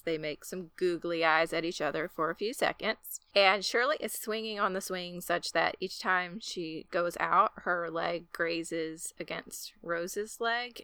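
A woman's voice: fairly low pitch, clean tone, dry recording. A woman co-hosting a casual chat, retelling film scenes with jokey asides. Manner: lively storyteller, jokey asides. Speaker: podcast co-host.

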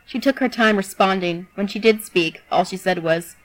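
A woman reading a story aloud as narrator, with a steady, even delivery. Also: mid-range voice, normal speed, poor audio. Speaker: audiobook narrator. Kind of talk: scripted narration.

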